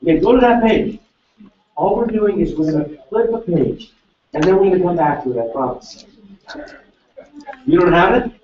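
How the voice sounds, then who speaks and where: A man's voice: high voice, animated, moderate pace, long pauses, a little hiss or hum. A man presenting a live seminar, energetically quizzing his audience and urging them on. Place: large seminar hall. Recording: echoey room, distant lo-fi mic.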